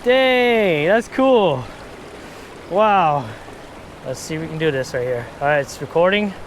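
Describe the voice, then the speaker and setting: Excitable high-voiced man fishing outdoors. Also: moderate pace, slight background noise. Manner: excitable, talks to viewers while fishing. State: out of breath. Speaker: fishing vlogger. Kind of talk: casual fishing vlog. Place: outdoors at a river spillway. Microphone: action camera.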